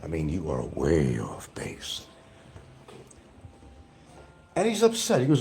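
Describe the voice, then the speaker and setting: A man's voice: very deep voice, huge pitch swings, slow, gravelly, long pauses, dark tone, husky, faint music behind. A man hosting a livestream, rambling in a brash, taunting, trash-talking way. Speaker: livestream host.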